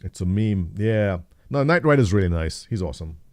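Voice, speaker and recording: A man's voice: on the low side, lively intonation, brisk, darkish tone. A man hosting a livestream, chatting casually and laughing as he reacts to a video. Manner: chatty, laughs often, thinks aloud.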